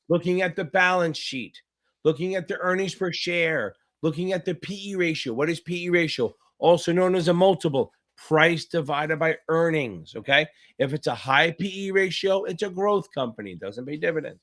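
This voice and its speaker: A man's voice: fairly high pitch, animated, normal speed, fairly bright tone. Casual, joking male exam tutor. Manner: casual, joking, swears freely; reads out viewer names, chatty asides. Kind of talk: live online Q&A lesson.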